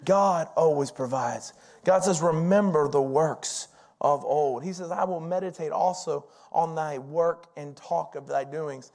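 A pastor in his forties preaching a sermon, telling personal stories in an animated, folksy way. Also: a little high, unhurried, vocal fry.

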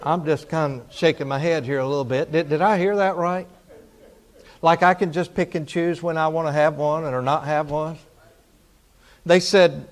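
A man's voice: fairly high pitch, steady tone, normal speed. Emotional preacher telling his story. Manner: emotional storytelling, swings from loud to hushed. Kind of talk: sermon testimony.

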